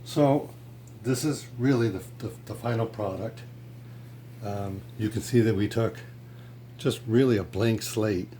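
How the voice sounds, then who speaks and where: A man's voice: on the low side, a little slow. Man, pottery teacher, easygoing studio demo, light background hiss. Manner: relaxed, chatty, with many fillers and restarts. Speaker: ceramics instructor. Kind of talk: casual how-to demonstration.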